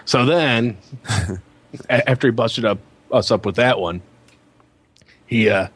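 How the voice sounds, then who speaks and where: A man's voice: takes it slowly, slightly rough. A man co-hosting a podcast, telling a long anecdote in casual chat and acting out the people in it. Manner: animated storyteller who slips into high-pitched quoted voices. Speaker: podcast co-host.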